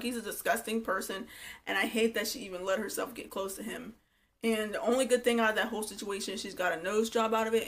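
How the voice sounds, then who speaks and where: A young woman giving blunt, profane, animated commentary on a reality show, acting out quotes as she retells scenes. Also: a little high. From Virginia Beach, USA. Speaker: reality TV reviewer. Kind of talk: casual commentary.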